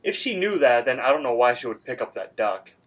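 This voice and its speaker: Male co-host, medium pitch, casual chatter, filler-heavy, throws in bits of character voices. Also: brisk. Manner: rambling, filler-heavy, animated quoting of characters. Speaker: podcast co-host. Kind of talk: casual chat recapping a cartoon episode.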